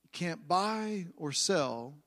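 Male preacher, high voice, emphatic and repetitive, pace swings between rushed and drawn out. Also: expressive, fairly bright tone. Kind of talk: sermon.

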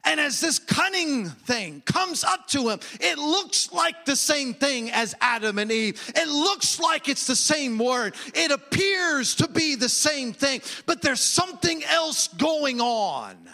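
A man's voice: very high voice, big pitch swings, takes it slowly, hardly any pauses, pushed and bright. A man preaching a sermon, emphatic and often raising his voice, repeating phrases for stress.

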